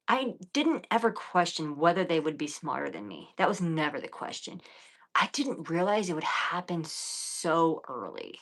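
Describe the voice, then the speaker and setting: A woman in her thirties with a low voice, talking casually to her viewers on a late-night livestream. She is blunt and defiant and swears freely, and she often slips into whispers and quiet mutters between louder remarks. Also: big pitch swings, normal speed, gravelly. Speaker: livestream host.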